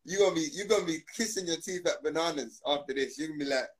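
Male guest, slightly raised pitch, joking and slangy, laughs a lot. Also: fast talker, low-quality recording. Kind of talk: playful casual interview chat.

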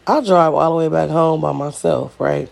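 A man's voice: fairly high pitch, fairly even intonation, normal speed, vocal fry. A man casually retelling a personal story in loose, profane slang, acting out the dialogue as he goes.

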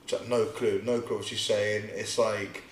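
A man's voice: lowish voice, little pitch movement, moderate pace. A man co-hosting a podcast at home, bantering loosely with lots of fillers. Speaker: podcast co-host. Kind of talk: casual chat. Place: living room of a home. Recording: roomy home recording with faint hiss.

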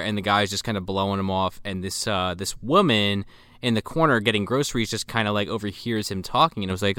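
A man's voice: on the low side, brisk, sharp tone, clean tone, no echo, clean studio sound. A man casually recapping a movie plot on a podcast, laid-back and profane. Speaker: podcast co-host.

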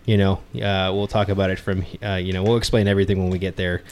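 A man's voice: low voice, level tone, fast talker, a little mellow. A man hosting a podcast, laying out the episode in a laid-back, rambling way. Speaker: podcast host.

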